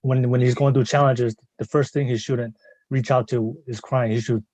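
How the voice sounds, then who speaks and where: A man hosting a panel discussion over a video call, halting and encouraging as he hands the floor to guests. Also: mid-range voice, fairly even intonation, darkish tone, no room sound. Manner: halting, encouraging, full of fillers. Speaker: podcast host.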